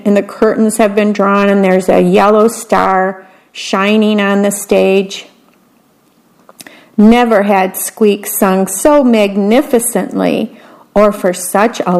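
A woman reading a children's picture book aloud, pausing to describe the pictures in a chatty aside. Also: medium pitch, low-quality recording. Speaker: storybook reader.

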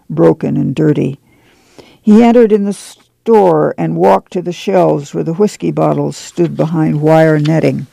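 Male audiobook reader, gravelly and mellow, steady plain delivery, bone-dry sound. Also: fairly high pitch, no room sound. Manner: steady, plain storytelling with folksy dialogue. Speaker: volunteer reader. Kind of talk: reading a novel aloud on radio.

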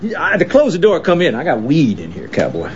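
A man's voice: a little high, wildly swooping pitch, fast talker. Brief: scruffy estranged father in his fifties, brash and rambling; lo-fi film clip with hiss. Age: 50s. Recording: dull lo-fi film clip with noise.

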